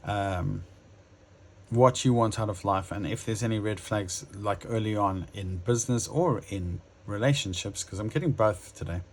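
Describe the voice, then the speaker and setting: Low-voiced man musing through a tarot reading. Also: moderate pace. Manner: musing, hesitant, many fillers and restarts; addresses viewers directly. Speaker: tarot reader.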